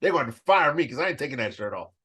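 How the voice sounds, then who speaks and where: A man co-hosting a comedic wrestling podcast, joking loudly and swearing freely. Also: medium pitch, very animated, racing, slightly rough. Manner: loud, profane, joking. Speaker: podcast co-host. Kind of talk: casual comedy chat.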